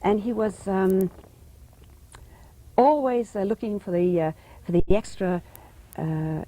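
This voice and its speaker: An actress from England, reminiscing in an interview with fond praise and frequent hesitant fillers. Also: female voice, medium pitch, slow pace, mellow. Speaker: actress guest. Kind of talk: interview conversation. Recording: 1991 cable TV studio interview.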